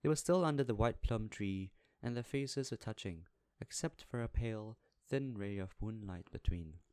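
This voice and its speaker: Brief: male audiobook narrator, low voice, measured, dry close recording. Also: lively intonation, a little mellow, clear, resonant tone, no room sound. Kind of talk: scripted narration.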